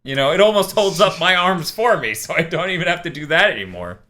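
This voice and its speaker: A man's voice: a little high, quick pace. A man co-hosting a casual podcast chat, swearing freely and joking around. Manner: animated, profane and joking. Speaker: podcast co-host.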